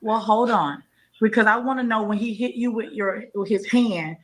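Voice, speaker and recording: A woman's voice: mid-range voice, normal speed, fairly bright tone, rough recording. A woman interviewing a guest, cutting in with probing questions.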